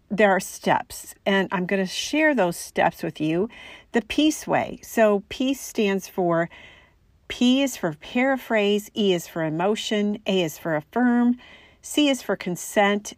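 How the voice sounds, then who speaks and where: Woman on talk radio, calm teaching tone, takes her time, dry studio sound. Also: medium pitch, dry recording. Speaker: radio show host and family communication coach.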